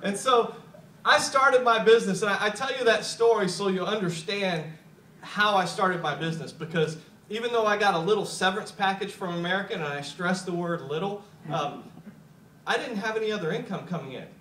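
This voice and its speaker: Middle-aged man, motivational storyteller, high bright voice, echoey room, mic at a distance. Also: brisk, a little hiss or hum. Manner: repeats words when starting sentences, chuckles often. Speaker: speaker at a business opportunity meeting.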